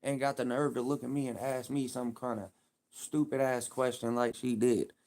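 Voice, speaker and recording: A man's voice: mid-range voice, flat delivery, normal speed, a little mellow. A man live streaming, talking in a casual, heated and profane rambling rant.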